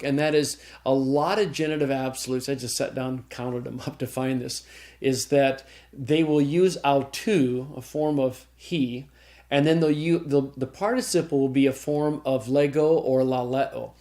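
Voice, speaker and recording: A man's voice: medium pitch, moderate pace, mellow. A man teaching a Greek grammar class, explaining step by step and checking in with his students. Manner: explanatory, checks in with "okay?", frequent restarts. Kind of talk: recorded classroom lecture.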